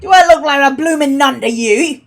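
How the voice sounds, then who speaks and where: A woman voicing a belligerent male street thug with a put-on Cockney accent, rough and slangy. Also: high-pitched, normal speed, voice pushed up. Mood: indignant.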